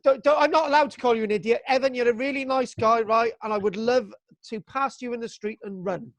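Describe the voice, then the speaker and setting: A man from Britain teaching archaeology to young students over a video call, excitable and jokey, mock-exasperated, tagging "right?" onto his sentences. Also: very high-pitched, fairly quick, dry recording. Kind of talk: live online class.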